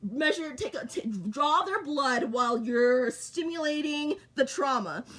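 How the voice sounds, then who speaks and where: A woman's voice: high voice, expressive, a little slow, a bit bright. A middle-aged woman vlogging in short, repetitive, blunt sentences. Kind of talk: casual monologue to camera.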